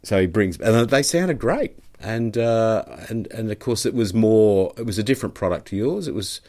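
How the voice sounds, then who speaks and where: A man's voice: fairly low pitch, animated, normal speed, darkish tone. A middle-aged man with an Australian accent hosting a podcast, chatting casually in a rambling, hesitant way. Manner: rambling, hesitant, many fillers and restarts. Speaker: podcast host. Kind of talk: casual conversational interview.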